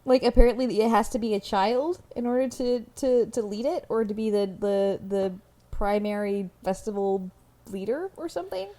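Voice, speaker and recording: A woman's voice: fairly high pitch, normal speed, warm tone. A woman co-hosting a podcast, chatting about a movie, often restarting and repeating words, with incredulous asides. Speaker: podcast co-host. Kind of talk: casual movie recap chat.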